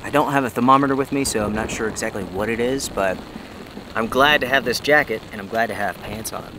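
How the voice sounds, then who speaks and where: A man's voice: mid-range voice, brisk. A man from North Carolina talks casually to viewers while camping in the woods, out of breath at times. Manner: easygoing, chatty, addresses viewers directly. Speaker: outdoor vlogger. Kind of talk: casual vlog narration to camera. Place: outdoors under a tarp in a rainy forest. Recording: outdoor camera mic with steady rain noise. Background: rain falling on a tarp.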